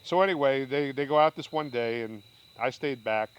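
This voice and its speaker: Older dad, chatty rambling storyteller, mid-range voice. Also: male voice, medium pitch, normal speed, smooth, highs cut off. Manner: rambling, with restarts and asides. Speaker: podcast guest, father. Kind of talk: casual storytelling.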